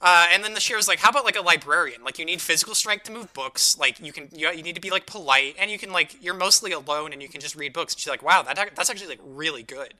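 A man co-hosting a casual podcast chat. His voice is high and piercingly bright, and he tumbles through a story recap full of "like" and quoted dialogue. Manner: rapid, filler-heavy retelling with quoted voices. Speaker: podcast co-host.

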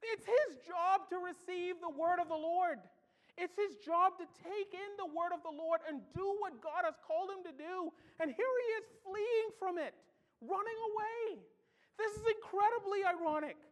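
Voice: very high-pitched, moderate pace. A preacher delivering a sermon with impassioned energy and emphatic rhetorical questions. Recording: long hall reverb.

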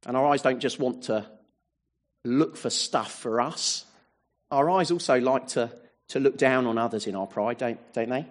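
A man's voice: medium pitch, moderate pace. A man preaching a sermon, working through a psalm verse by verse and often adding rhetorical tag questions. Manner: expository, walking through verses.

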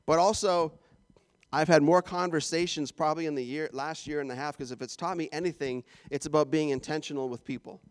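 A man from Canada preaching a sermon as pastor, animated and jokey with playful asides. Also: fairly high pitch, a little fast, no room sound.

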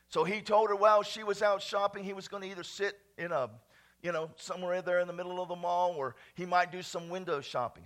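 A man pastor preaching a sermon, dropping to quiet asides and then rising to loud, ringing exclamations. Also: sits high.

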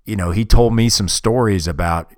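A man's voice: on the low side, moderate pace, no room sound, studio quality. A man in his forties hosting a podcast, talking bluntly and profanely in a rambling way, often restarting sentences. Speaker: podcast host. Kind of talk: casual podcast monologue. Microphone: podcast microphone.

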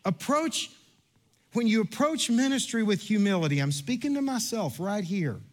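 A man in his fifties preaching a sermon, telling a story with lively quoted voices and rising to earnest emphasis. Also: high voice, normal speed. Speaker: pastor.

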